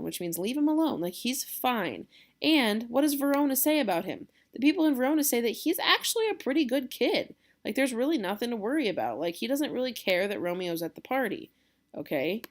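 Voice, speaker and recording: A woman's voice: mid-range voice, lively intonation, fairly quick. A woman teacher giving a casual classroom lecture, explaining a play and checking in with her students.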